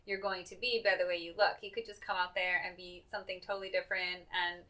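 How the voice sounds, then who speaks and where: A woman's voice: on the low side, little pitch movement, fast, bright, forceful tone. A woman hosting an interview, eager and encouraging toward her guest. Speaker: host. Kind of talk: casual interview.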